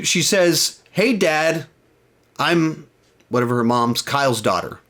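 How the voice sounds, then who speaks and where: A man's voice: mid-range voice, a bit bright. A young man giving a casual, rambling film review, retelling scenes and often correcting himself mid-sentence.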